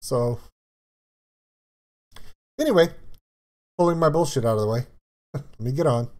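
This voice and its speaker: A man's voice: medium pitch, unhurried. A man from South Louisiana hosting a music reaction video, talking in a reflective, emotional way that stops and restarts with fillers. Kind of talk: casual reaction commentary.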